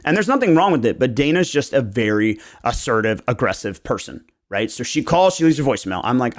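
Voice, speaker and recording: Man, podcast host; animated, profane storyteller who mimics clients. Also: medium pitch, brisk, few pauses. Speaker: real estate agent and podcast host. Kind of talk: casual podcast chat.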